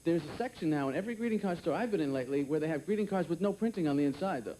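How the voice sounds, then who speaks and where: Man, stand-up comic, wry observational delivery, mellow voice, some noise behind. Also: on the high side, expressive, rapid-fire, poor audio. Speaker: comedian. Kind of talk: stand-up comedy.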